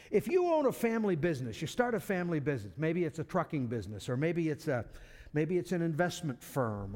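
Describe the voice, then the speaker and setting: A man delivers a sermon in a relaxed, talky way, doubling back on words as he goes. His fairly high voice swoops up and down with energy. The sound carries a long hall reverb. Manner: conversational, repeats words as he restarts. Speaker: preacher.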